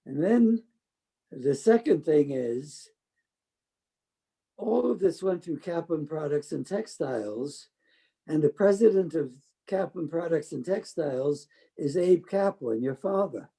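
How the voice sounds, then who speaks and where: A man's voice: fairly high pitch, lively intonation, measured pace, dark tone. An older man telling a personal story in an oral history interview, blunt and plainspoken. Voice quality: gravelly.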